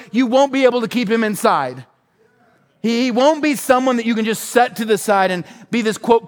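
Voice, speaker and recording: A man's voice: high-pitched, long reverb tail. A man preaching a sermon as pastor, fervent and emphatic, driving his points home with repeated phrases.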